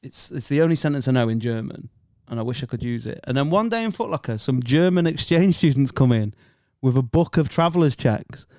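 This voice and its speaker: A man's voice: mid-range voice, lively intonation, fairly quick, a little mellow, dry recording, clean studio sound. A young man from Northwest England co-hosting a casual podcast, telling rambling stories and laughing often. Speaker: podcast co-host. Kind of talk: casual chat.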